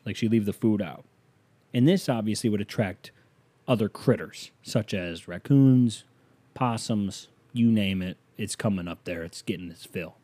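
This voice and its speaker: Man, podcast host, casual rambling monologue, joking, mellow dark tone. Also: lowish voice. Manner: rambling, joking, addresses listener directly.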